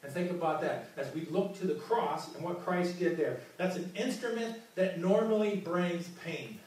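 A man's voice: high-pitched, normal speed, darkish tone. A man preaching a sermon as pastor, earnest and often repeating his words. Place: large church hall. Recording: very echoey hall, mic from far.

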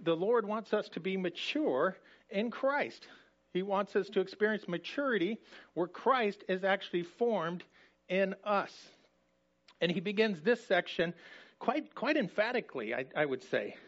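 A man's voice: sits high, lively intonation, a little slow. A male pastor, giving a conversational, emphatic sermon with frequent restarts. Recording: dull lo-fi recording.

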